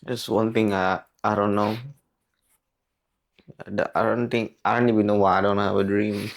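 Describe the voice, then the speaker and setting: A man with a Filipino accent, speaking haltingly and tearfully about his feelings. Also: fairly low pitch, little pitch movement. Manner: halting, tearful, searching for words. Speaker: podcast host. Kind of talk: emotional confessional talk.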